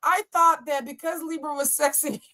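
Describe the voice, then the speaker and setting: A woman's voice: medium pitch, animated, a little fast. A young woman reading tarot on a live stream, chatting to viewers with casual, profane jokes and asides. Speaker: tarot reader.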